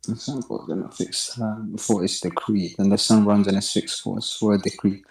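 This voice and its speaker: An earnest man calls into a live debate and reads out his argument. His voice is gravelly and sounds roomy, as if he were in a bare room with echo. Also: fairly low pitch, fairly even intonation, normal speed, darkish tone. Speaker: caller in a debate. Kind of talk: reading and arguing on a live call.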